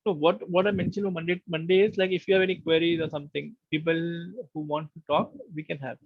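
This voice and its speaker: A man's voice: fairly high pitch, fairly even intonation, quick pace, breathy edge, no echo. A man teaching a live online lecture, explaining patiently in a conversational way over a meeting call. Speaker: online course instructor. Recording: muffled online call audio.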